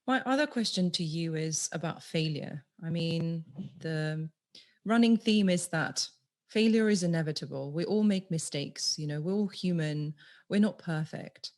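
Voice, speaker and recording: A woman with a fairly low voice hosts an interview. She asks her questions slowly and thoughtfully, in a measured tone. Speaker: podcast host.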